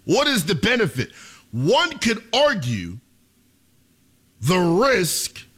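A young man hosting sports talk radio, delivering a theatrical monologue that he keeps addressing to the listeners as ladies and gentlemen. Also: high-pitched, huge pitch swings, slow, slightly rough.

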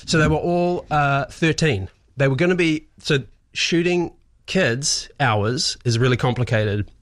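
A man, chatting casually in an interview and telling animated anecdotes full of acted-out voices. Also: mid-range voice, a little slow. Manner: animated storyteller, acts out voices, frequent restarts. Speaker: actor and show creator.

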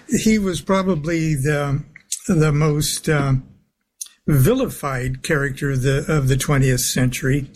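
Slow, husky-voiced male guest on talk radio, halting delivery. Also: on the high side. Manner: halting, many filler sounds, soft chuckles. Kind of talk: phone-in talk radio interview.

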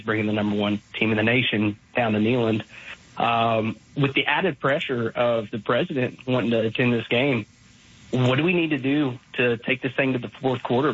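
Man, husky, polite, hesitant, muffled phone call. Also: mid-range voice, steady tone, moderate pace, fairly bright tone. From Northeast Tennessee. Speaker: radio caller.

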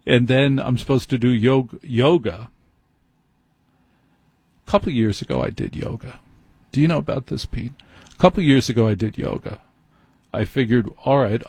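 Husky guy on late-night call-in radio, dry studio sound, wry storyteller. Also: medium pitch, no room sound. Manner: wry, self-deprecating, with deadpan repeats. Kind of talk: conversational storytelling monologue.

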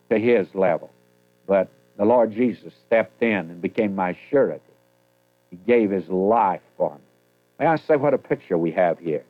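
A man teaching a verse-by-verse sermon in a folksy way, reading old scripture verses aloud and then putting them in plain words. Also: lowish voice. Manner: folksy, reads King James verses aloud then paraphrases. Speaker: radio Bible teacher. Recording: narrow phone-like old radio broadcast.

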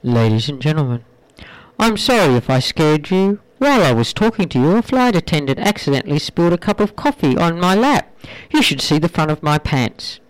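A man voicing a calm male airline captain making an intercom announcement in a smooth announcer tone. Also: a little high, a little fast, no echo, low-quality recording.

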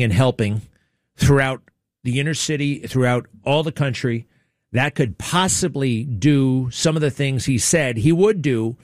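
A man's voice: mid-range voice, no echo, studio quality. Sarcastic, emphatic male talk host. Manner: emphatic and sarcastic, mocking impressions. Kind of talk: opinionated political commentary.

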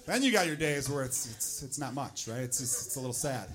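A man in his thirties doing a stand-up comedy set on a club stage, with loud, animated punchlines and acted-out asides. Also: medium pitch, brisk, slight background noise.

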